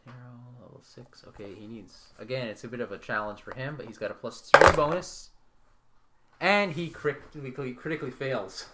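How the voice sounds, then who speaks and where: A man's voice: mid-range voice, a little fast, background noise. A man acting as game master, narrating a tabletop game in a casual, offhand way.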